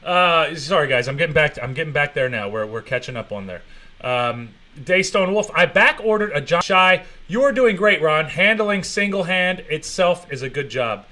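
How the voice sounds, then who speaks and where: A man streams his reaction into a desk mic, talking casually and swearing freely. His voice sits high and bright, and he drifts from muttering into mocking, shouted bursts. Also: very animated, moderate pace. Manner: profane, mocking, with sudden loud outbursts. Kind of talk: live-stream reaction commentary.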